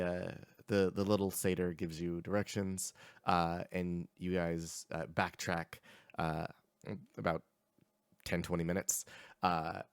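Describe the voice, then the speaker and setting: A man narrates a tabletop game as game master, loosely and with many fillers. His voice is low and the sound is dry and close. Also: gravelly, clear, resonant tone, no echo.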